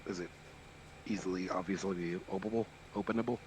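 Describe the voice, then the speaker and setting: A man's voice: sits low, steady tone, fast, darkish tone, a little hiss or hum, rough recording. A man playing in a tabletop game, chatting casually and laughing often in an upbeat way. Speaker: player. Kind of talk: casual tabletop play and chat.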